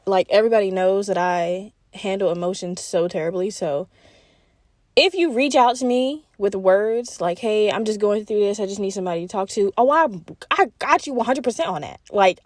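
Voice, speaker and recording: A young adult woman hosting a solo podcast, talking in a rambling, blunt, swear-heavy casual rant with bursts of fast, animated talk. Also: medium pitch, no echo, clean studio sound. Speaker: podcast host.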